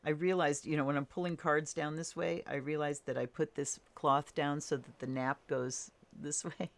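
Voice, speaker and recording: A woman doing a casual tarot reading, thinking aloud in a relaxed way with fillers and soft laughs. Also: deep voice, moderate pace. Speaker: tarot reader.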